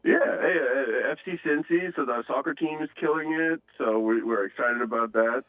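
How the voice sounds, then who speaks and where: A male caller whose first language is not English, talking in a halting way with many restarts. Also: mid-range voice. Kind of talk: casual chat on a phone call. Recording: tinny phone line.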